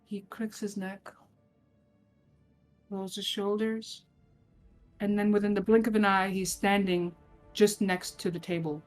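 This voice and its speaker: A woman's voice: medium pitch, little pitch movement, measured pace, long pauses, soft background music. Woman narrating a tabletop game. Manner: descriptive, with frequent restarts. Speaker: game master.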